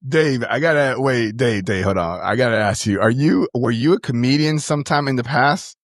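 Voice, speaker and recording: A man's voice: medium pitch, animated, normal speed, no echo, clean studio sound. Eager-sounding podcast host, a man. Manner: enthusiastic, reactive interjections. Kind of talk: casual interview talk.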